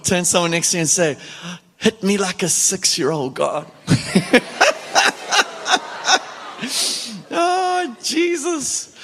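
Excitable male preacher in an echoey church. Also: medium pitch. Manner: excitable, loud bursts of laughter and shouting, urging the congregation. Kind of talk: sermon.

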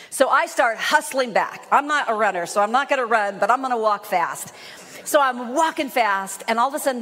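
A woman preaching a sermon, telling a personal story in an earnest way and building up to shouted praise. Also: a little high. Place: church sanctuary. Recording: long hall reverb.

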